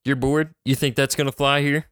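A man's voice: medium pitch, level tone, fairly quick, a bit bright, clean tone, no echo. A man barks his way through an improvised comedy sketch with brash, crude bluster. His voice is recorded close and dry, with no room sound, over an online call. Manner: brash, crude, barking drill-sergeant bluster.

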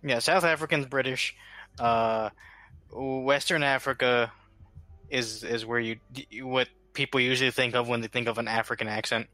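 A man playing in a tabletop game, joking and quick to chime in. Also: medium pitch, steady tone, pushed and bright, dry recording. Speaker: player. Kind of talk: casual tabletop play.

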